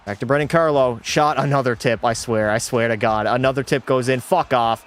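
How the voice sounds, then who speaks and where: A man's voice: medium pitch, steady tone, fairly quick, few pauses, faint music behind. A young man streaming a hockey video game, commenting live and talking to his chat while ranting in frustration and swearing at the game. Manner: talks to chat.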